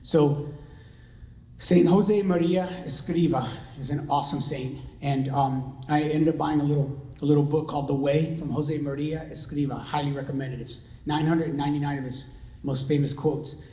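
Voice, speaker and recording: A man's voice: fairly high pitch, fairly even intonation, moderate pace, dark tone. A middle-aged man giving a personal testimony to an audience, earnest and conversational, with many fillers and restarts. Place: large room with an audience. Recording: echoey room.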